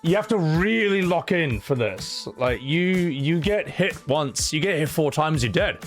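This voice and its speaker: A young male streamer reacts to a game he is playing for the first time, excitable and quick to swear and laugh. His pitch swings widely while his pace stays unhurried, and faint game music runs underneath. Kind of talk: gaming let's-play commentary.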